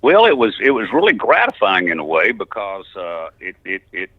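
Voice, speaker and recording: An older Texan man with a low voice that swoops wildly in pitch talks at a normal speed, rambling through stories with chuckles and restarts. He's a musician telling his story in a casual interview over a tinny phone line, with no echo.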